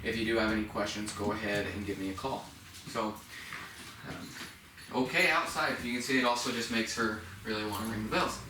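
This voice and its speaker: A man working as a dog trainer, explaining house-training in a relaxed, casual way and praising the dog in a high voice now and then. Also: fairly quick, noisy background. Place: indoors at a home. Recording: echoey room, distant from the mic.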